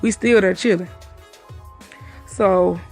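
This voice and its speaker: A woman's voice: medium pitch, fairly even intonation, creaky, darkish tone, faint music behind. A woman casually recounting events from a night out, swearing freely and acting out what others said. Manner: profane, talks fast and acts out the quotes. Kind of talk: casual storytelling.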